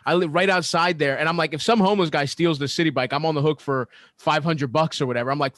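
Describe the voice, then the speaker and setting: Man, podcast co-host, profane, ranting, animated, slightly high voice, dry close sound. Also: fast, few pauses, dry recording. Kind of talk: casual sports podcast storytelling.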